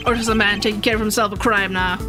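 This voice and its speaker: A woman's voice: mid-range voice, fairly even intonation, quick pace, close to an everyday voice. A woman voicing a streetwise male boxer suspect who talks in defensive tough-guy slang, over game music. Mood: cocky.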